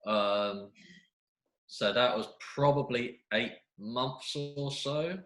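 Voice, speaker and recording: A young man chatting as a guest on a podcast, telling stories in a relaxed way. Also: medium pitch, slow, echoey room, low-quality recording. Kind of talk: casual podcast chat.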